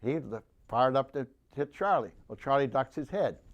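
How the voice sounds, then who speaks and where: Very old man telling a halting war story. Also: mid-range voice, lively intonation, muffled recording. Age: 90s. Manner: halting, rambling delivery with many restarts; acts out the voices of people he quotes. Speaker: war veteran interviewee. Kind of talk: oral history storytelling.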